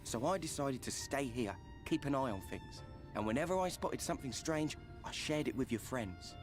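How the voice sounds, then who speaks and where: A man's voice: medium pitch, lively intonation, moderate pace, soft background music, close to an everyday voice. An actor playing a streetwise male informant with a Cockney accent, chatty and full of slang. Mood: wry.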